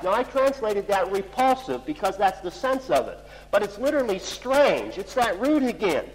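A man's voice: high-pitched, big pitch swings, moderate pace, few pauses. Emphatic preacher man in echoing hall. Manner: emphatic, rising to loud exclamations on key points. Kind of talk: sermon. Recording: reverberant hall with faint hum.

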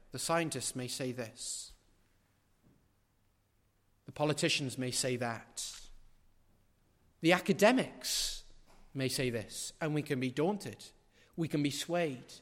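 A man's voice: mid-range voice, measured pace, long pauses, fairly bright tone, in a large hall. A middle-aged man preaching a sermon, emphatic and repeating phrases for stress.

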